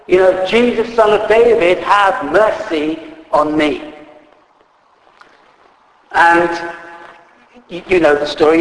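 A man preaching a sermon in an earnest, unscripted way, reading scripture aloud and correcting himself as he goes. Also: on the high side. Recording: echoey hall reverb.

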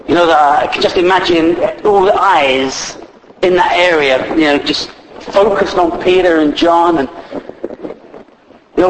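Man, preacher, conversational sermon, somewhat high voice, echoey recording. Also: normal speed. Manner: retells scripture in plain conversational speech, with frequent fillers. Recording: echoey, faint background noise.

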